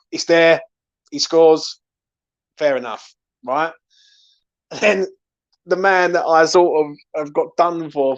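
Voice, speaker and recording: A man's voice: on the high side, dull audio. A man hosting a fan channel, ranting angrily about a football match and swearing often. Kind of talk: angry football fan reaction.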